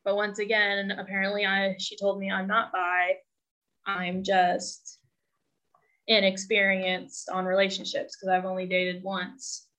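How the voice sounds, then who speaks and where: A woman's voice: medium pitch, completely flat delivery, unhurried, fairly bright tone. A young woman telling a personal story as a guest, candid and rambling, with self-deprecating humor. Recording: dull lo-fi sound.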